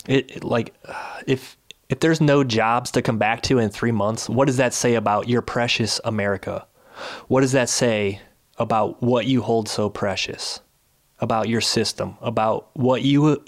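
A man hosting his own video series from his couch, delivering a fiery, indignant rant full of hammering rhetorical questions. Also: medium pitch. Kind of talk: angry ranting commentary. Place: at home on a couch.

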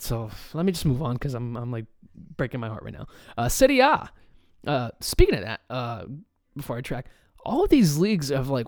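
A man's voice: medium pitch, no echo, clean studio sound. A man hosting a casual solo soccer talk, ranting as a fan with lots of swearing and filler words. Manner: swears a lot, animated fan rant; many fillers and restarts. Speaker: soccer podcast host.

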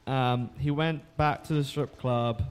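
A man's voice: medium pitch, fairly even intonation, measured pace, soft background music. Rambling, sweary man. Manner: swears freely, lots of fillers. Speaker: book recapper. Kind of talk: casual rambling recap.

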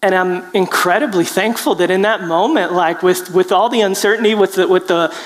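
Preacher telling stories in a hall. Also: male voice, high-pitched. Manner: animated, self-deprecating, halting restarts. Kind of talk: storytelling testimony.

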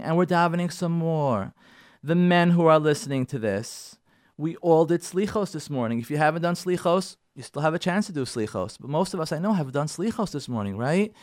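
A rabbi giving a Torah class, animated, acting out pleading prayers and mixing Hebrew terms into his English. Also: on the high side, no echo, clean studio sound.

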